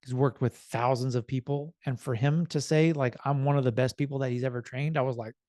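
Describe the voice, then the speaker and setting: Guy telling a motivational story to camera, mid pitch, earnest, super dry sound. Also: a little fast, no room sound. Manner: earnest, animated storytelling with quoted voices. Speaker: self-improvement vlogger. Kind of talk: casual motivational talk to camera.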